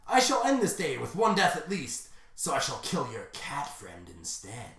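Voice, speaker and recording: A woman's voice: low-pitched, wildly swooping pitch, normal speed, far from the mic, a little hiss or hum, full character voice. A woman voicing a scheming male mad scientist villain, reading a fan story aloud with a theatrical, gloating manner. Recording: roomy echo.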